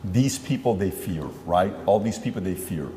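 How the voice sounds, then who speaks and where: Male podcast host, low voice, rambling and anecdotal, with a long room reverb. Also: expressive, normal speed, mellow, a little hiss or hum. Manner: rambling, acts out quoted dialogue. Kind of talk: conversational podcast interview.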